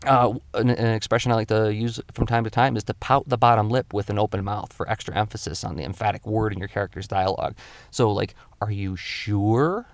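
Guy with a low gravelly voice talking through art tips, dry close sound. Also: fairly even intonation, fast talker, no room sound. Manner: thoughtful, explaining step by step. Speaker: comic illustrator teaching drawing. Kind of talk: casual spoken tutorial.

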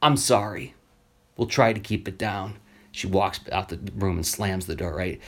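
Male teacher-podcaster, casual solo monologue, animated storyteller. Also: deep voice, moderate pace. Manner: animated storyteller, acts out quoted voices.

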